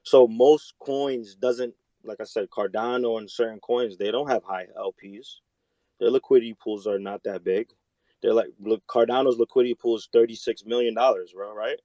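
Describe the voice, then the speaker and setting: A man's voice: lowish voice, steady tone, normal speed, warm tone, dry recording, poor audio. A man defending his crypto project in a casual debate, slangy and defensive. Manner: defensive, slangy, says "bro".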